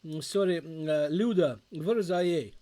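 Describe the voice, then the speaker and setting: A man's voice: a little high, normal speed, warm tone. A middle-aged man with a Russian accent, a native Russian speaker, co-hosting a live chat show from a home basement in a jokey, playful way. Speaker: co-host, father.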